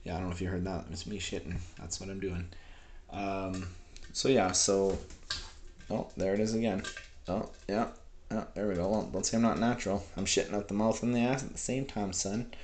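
A man's voice: low-pitched, fairly even intonation, moderate pace, darkish tone, a little hiss or hum. A man in his twenties from Canada, rambling frankly and profanely in a personal audio diary. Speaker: vlogger.

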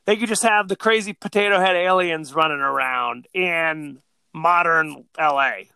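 A man with a high, bright and smooth voice co-hosts a podcast in loose casual chat. He rambles along, filling gaps with "uh" and "um". He is recorded close and dry, with no room sound. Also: measured pace, dry recording. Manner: rambling, chatty, with frequent fillers. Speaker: podcast co-host.

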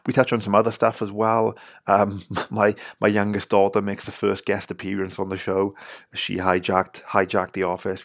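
A man's voice: deep voice, gravelly, no echo, clean studio sound. A man in his thirties from England, hosting a podcast in a loose, chatty way, rambling with many "you know"s. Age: 30s. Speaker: podcast host. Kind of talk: casual podcast chat.

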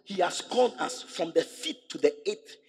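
A middle-aged man preaching in a Ghanaian English accent, his voice sitting high and swinging widely in pitch. He hammers points home by repeating them and climbs into shouts when he challenges the congregation. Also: animated, moderate pace, slightly rough, long reverb tail. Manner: emphatic preaching, repeats phrases, rises to shouts. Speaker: bishop and pastor. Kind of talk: sermon.

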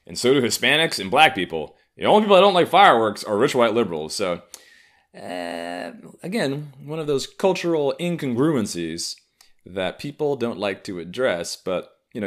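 A young man from the States riffs in a low voice, off the cuff and sarcastic, wandering from point to point. His pitch swings widely for emphasis and mocking asides. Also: fairly bright tone. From United States. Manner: provocative, rambling, sarcastic. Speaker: solo vlogger. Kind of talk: casual comedic monologue.

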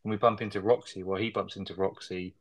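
A man's voice: low-pitched, flat delivery, fast talker. A man co-hosting a casual film review podcast, recapping scenes in a rambling, sweary way with tag questions.

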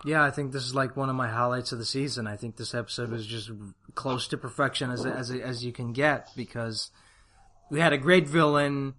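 Man, casual review chat, animated, bright voice. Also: medium pitch, a little fast. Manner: animated, laughs often, restarts words. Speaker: podcast co-host.

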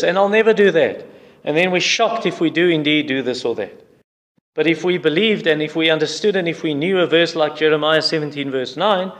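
A man's voice: on the high side, fairly bright tone. A man preaching a sermon in an earnest, explanatory way.

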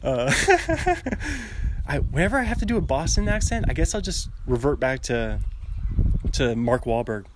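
A man's voice: medium pitch, very animated, moderate pace, background noise. A young man host chatting alone in a meandering way, laughing often and interrupting himself while pacing in an outdoor gazebo. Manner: giggly, meandering, self-interrupting. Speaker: podcast host. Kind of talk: rambling solo chat. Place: outdoor gazebo, light drizzle. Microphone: walking while talking.

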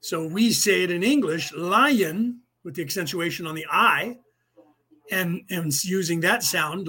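Husky high-voiced man rambling through a lesson. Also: lively intonation, measured pace, pushed and bright. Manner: rambling, repeats words, spells things out. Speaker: podcast host teaching a class. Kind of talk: casual livestream lecture.

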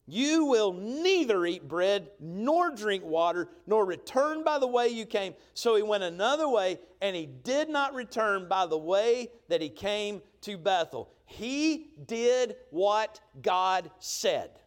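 A man preaching a sermon, telling a story with lively emphasis and often checking in with the crowd. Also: sits high, unhurried, few pauses. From Georgia. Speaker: pastor.

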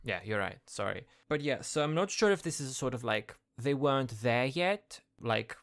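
A young adult man co-hosting a podcast, recounting scenes in an animated, chatty way with sarcastic asides. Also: medium pitch, moderate pace. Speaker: podcast co-host. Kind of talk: casual chat.

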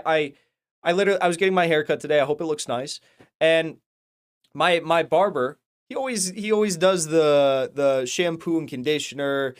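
Fired-up, rambling man with a higher voice. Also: clear, resonant tone. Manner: rambling, heated, profane, many restarts. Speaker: political commentary channel host. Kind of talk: casual ranting commentary.

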